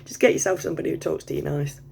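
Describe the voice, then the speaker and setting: A woman's voice: deep voice, fairly even intonation, rapid-fire, creaky, a little mellow, a little hiss or hum. A woman vlogging in a casual, rambling monologue, swearing freely, digressing, and laughing often.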